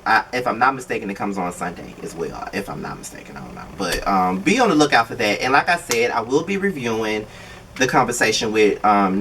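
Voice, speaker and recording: A man's voice: mid-range voice, a bit bright, far from the mic, slight background noise. A man giving blunt, profane, exasperated commentary while reviewing a reality TV show. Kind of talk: casual video commentary.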